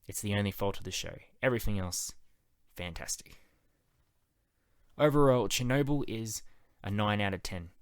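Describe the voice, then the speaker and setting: A man's voice: fairly low pitch, no echo. A man reviewing a TV series in a casual, enthusiastic, conversational monologue. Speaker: TV show reviewer.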